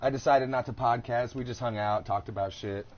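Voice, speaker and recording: A man co-hosting a casual podcast, telling an animated, profane story. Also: medium pitch, fairly quick, slight background noise. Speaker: podcast co-host. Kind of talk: casual chat. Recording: dull lo-fi live stream audio.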